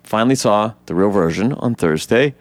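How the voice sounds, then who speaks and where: A man co-hosting a casual podcast, retelling a film scene by scene with lively acted-out quotes and frequent swearing. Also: moderate pace, no room sound. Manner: animated retelling, acts out quotes in high voices; swears freely. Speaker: podcast co-host. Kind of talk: casual movie breakdown chat.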